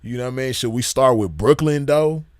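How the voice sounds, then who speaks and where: A man hosting a gaming channel, chatting casually in an excited, slangy, profane way and repeating himself often. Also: mid-range voice, fairly quick, a little hiss or hum. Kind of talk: casual chat.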